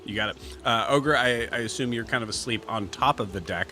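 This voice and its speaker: Halting male game master, bright voice. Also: medium pitch, faint music behind. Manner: halting, many fillers and restarts. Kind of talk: narrating a tabletop game.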